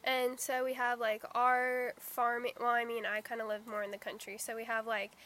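A teenage high school girl, a guest on a casual podcast, speaking hesitantly with many fillers. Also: monotone, normal speed, pushed and bright. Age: teens.

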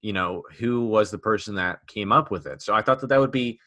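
A man's voice: on the low side, brisk, pushed and bright, no room sound. A man hosting a casual podcast chat, joking and rambling with many restarts. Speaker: podcast host.

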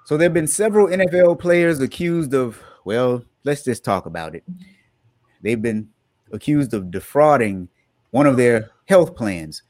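A man's voice: medium pitch, lively intonation, unhurried, a little mellow, no room sound, low-quality recording. Guy cohosting a podcast, explains stuff step by step, dead dry mic, laughs easily. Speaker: podcast co-host. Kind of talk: casual chat and explaining a news story.

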